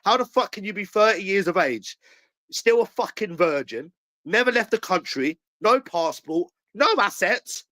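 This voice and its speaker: A man with a London accent delivers a long, abusive rant straight to camera. He repeats himself, jeers, and breaks into shouts. His voice sits fairly high, and the recording is dry and close. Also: animated, normal speed, dry recording, low-quality recording. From England. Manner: abusive, repetitive, jeering, bursts into shouts. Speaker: channel owner. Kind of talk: angry ranting monologue to camera.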